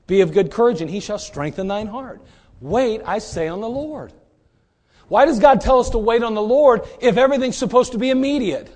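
A man preaching a sermon, dramatic, acting out scripture figures and swinging between loud and hushed delivery. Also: very high-pitched.

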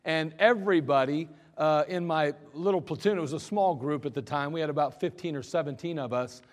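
A man's voice: fairly high pitch, a little fast. A man preaching a sermon in a casual, storytelling way, often putting questions to his congregation. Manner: conversational, asks the congregation questions. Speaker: pastor. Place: church sanctuary.

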